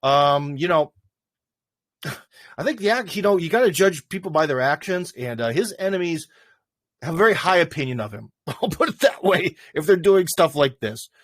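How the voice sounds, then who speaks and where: A man's voice: a little high, animated, normal speed, a bit bright, dry recording. A man hosting a casual livestream, talking off the cuff in a rambling way with plenty of "uh" and "anyways". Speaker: livestream host.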